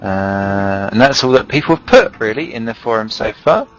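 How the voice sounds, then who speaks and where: A man's voice: lowish voice, expressive, normal speed. A man doing casual, teasing banter as a sim racing commentator and reading forum posts aloud. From United Kingdom. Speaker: race commentator. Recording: dull lo-fi stream audio with faint music.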